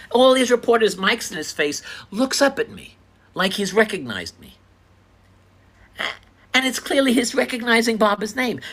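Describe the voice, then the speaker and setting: An older man earnestly retelling his own encounters in a casual, animated storytelling style. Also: high-pitched. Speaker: speaker sharing personal stories.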